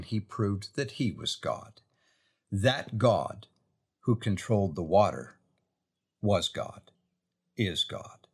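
Man, devotional storyteller, earnest, medium pitch, slows down for scripture quotes. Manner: earnest, reads scripture quotes aloud slowly.

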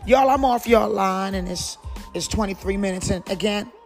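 This podcast host, a woman in her forties from North Carolina, talks casually and long-windedly about her faith in a mid-range voice at a normal pace. She often circles back with "you know what I'm saying," and quiet, soft music runs beneath her.

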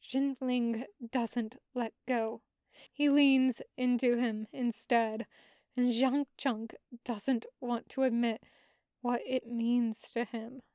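Podfic narrator, woman, high voice, tender unhurried delivery. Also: level tone, mellow, dry recording, studio quality. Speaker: podfic reader. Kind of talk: audiobook narration of fan fiction.

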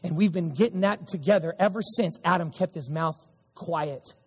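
A man's voice: high-pitched, a little fast, husky. A middle-aged male pastor preaching an emphatic sermon, repeating lines and calling back to the congregation. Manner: emphatic preaching with repeated audience call-and-response. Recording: church sanctuary with long reverb.

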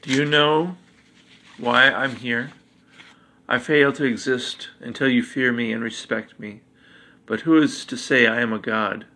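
A man voicing an arrogant boy god, cold and knowing, in a flat, measured delivery. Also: mid-range voice. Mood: menacing.

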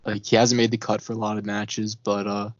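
A man's voice: fairly low pitch, monotone, brisk, no echo. A man co-hosting a sports podcast, talking in a laid-back, matter-of-fact way with many fillers. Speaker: podcast co-host. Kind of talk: casual sports chat. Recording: dull lo-fi sound.

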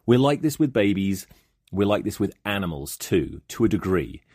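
A man's voice: fairly low pitch, big pitch swings, moderate pace, a little mellow, breathy edge, no room sound, clean studio sound. A man hosting a podcast, telling rambling, profane comic stories in a monologue. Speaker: podcast host.

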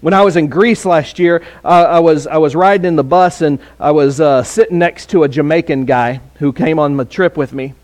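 Guy with a high voice giving a chatty sermon, lots of uhs and restarts. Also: moderate pace, hardly any pauses. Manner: conversational, with fillers and restarts. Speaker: preacher.

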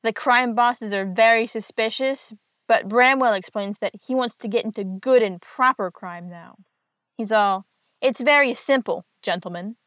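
A woman hosting a podcast, retelling a comic book plot in a loose, conversational way and slipping in wry jokes along the way. Her voice sits a little on the high side. The sound is dry and close, with no room echo. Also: measured pace, fairly bright tone. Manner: wry, chatty asides and jokes. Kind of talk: casual comic recap narration.

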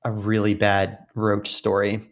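A man's voice: lowish voice, completely flat delivery, a little slow. A man co-hosting a podcast in casual chat, laid-back with dry quips. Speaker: podcast co-host.

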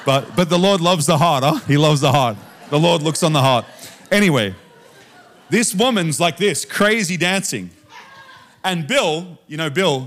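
A man preaching a sermon in a church, telling a story in a conversational, animated way with frequent asides to the congregation. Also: fairly high pitch. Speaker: guest preacher. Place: church sanctuary.

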